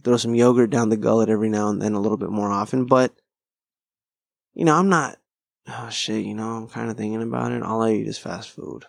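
A man's voice: on the low side, brisk, vocal fry, no echo, studio quality. A man hosting a casual solo podcast, rambling, swearing and poking fun at himself. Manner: rambling, profane, self-deprecating. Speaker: podcast host and stand-up comic.

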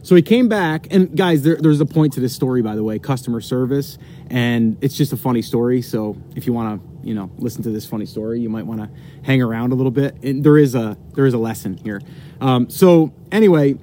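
A man's voice: medium pitch, a little fast, warm tone, slight background noise. A man telling a long story to the camera, rambling with many fillers and restarts. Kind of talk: casual storytelling.

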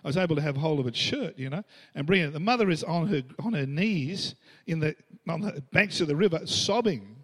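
A man's voice: on the high side, lively intonation, a little fast, few pauses, fairly bright tone. A middle-aged Australian man preaching a storytelling sermon, acting out the voices he quotes and laughing between lines. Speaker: pastor.

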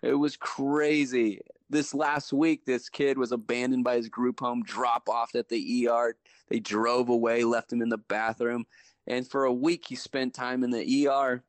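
Young adult male guest, mid-pitched, casual storyteller, animated, dry close recording. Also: moderate pace, no echo. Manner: animated, jumps high when retelling dialogue. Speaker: podcast guest, ER worker.

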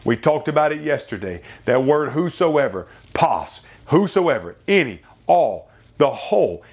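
A man's voice: fairly high pitch, sing-song, a little slow, a little mellow, slightly rough. A man preaching a radio sermon, repeating phrases for effect and building to impassioned emphasis at key points.

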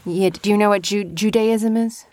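A talkative woman hosts a casual home show alongside her child, bouncing from topic to topic with gentle teasing. Her voice sits at an ordinary middle pitch and is recorded close and dry, with no room sound. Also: steady tone, moderate pace, no room sound. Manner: chatty, talks a lot, teasing. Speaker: podcast host and parent.

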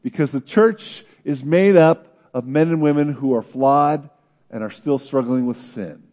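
A man's voice: medium pitch, measured pace, darkish tone. A man preaching a sermon in an earnest way, his voice climbing into pleading questions. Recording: long reverb of a large hall.

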